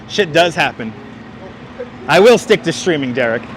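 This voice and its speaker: A man with a fairly high voice giving sarcastic running commentary as he walks. He talks into a clip-on mic outdoors. Faint traffic hums in the background. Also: a bit bright. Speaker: livestreamer. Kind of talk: casual walking livestream. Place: outdoors on city streets. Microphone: wireless clip-on mic.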